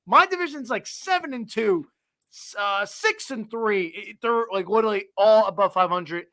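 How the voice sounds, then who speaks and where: Bright-voiced young man ranting. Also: moderate pace, no room sound. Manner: animated ranting, pitch climbing when fired up. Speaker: podcast co-host. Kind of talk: casual sports chat.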